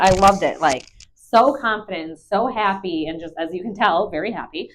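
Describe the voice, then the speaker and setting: A woman's voice: mid-range voice, unhurried. A young woman, a dog trainer, chatting casually and bubbly with many fillers into a clip-on mic. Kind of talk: casual vlog chat.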